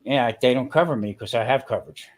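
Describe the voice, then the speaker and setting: A man's voice: medium pitch, fast. An older man chatting casually on a video call, a rambling storyteller who grumbles and complains. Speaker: guest. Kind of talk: casual chat.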